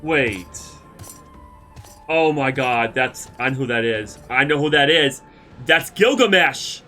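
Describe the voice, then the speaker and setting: A man's voice: mid-range voice, lively intonation, takes it slowly, bright, forceful tone, faint music behind. A man streaming a game and reacting with constant giggling, laughing until he tears up while sick with the flu and coughing. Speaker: let's play streamer.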